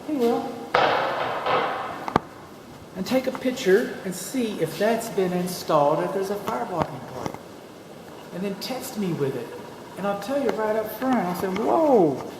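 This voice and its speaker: With a high-sitting voice, a measured pace, and frequent pauses, this Texas-accented home inspector guides a client through an empty new house. He's folksy and chatty, with joking asides, while the bare rooms echo over steady background noise.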